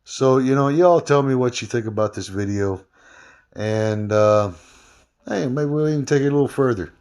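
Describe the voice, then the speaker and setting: Brief: man, mid-pitch, rambling aggrieved vlog rant. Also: normal speed, darkish tone, smooth. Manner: rambling, frequent fillers and restarts. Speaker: former delivery driver.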